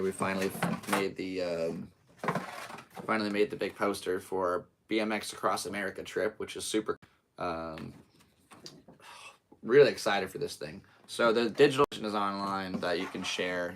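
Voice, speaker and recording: Low, gravelly-voiced man rambling casually. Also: fairly bright tone. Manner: rambling, easygoing, upbeat. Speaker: podcast host. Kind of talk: casual live podcast chat.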